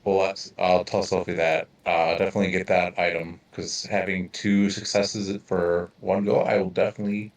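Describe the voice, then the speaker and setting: A man playing a tabletop game who plans out loud in a rambling, halting way. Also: low-pitched, flat delivery. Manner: rambling, halting planning talk. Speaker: player. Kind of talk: casual tabletop game chat. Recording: distant, dry mic.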